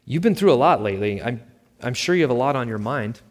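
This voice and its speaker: A man voicing a kindly churchgoing woman who speaks softly and earnestly, gently persuading. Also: medium pitch, expressive, fast talker, close to an everyday voice. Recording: long reverb.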